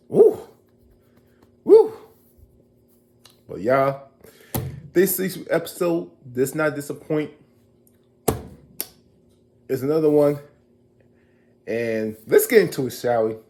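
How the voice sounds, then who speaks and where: A man casually recapping a TV episode as a reviewer, chatty and animated, acting out characters' lines. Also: mid-range voice.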